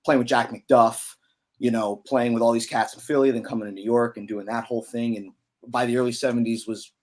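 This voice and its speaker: Man, thirties, podcast guest, laid-back storyteller, slangy, fillers, average pitch. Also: fairly even intonation, brisk, a little mellow. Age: 30s. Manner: loose and chatty, many fillers and slang. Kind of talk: casual storytelling.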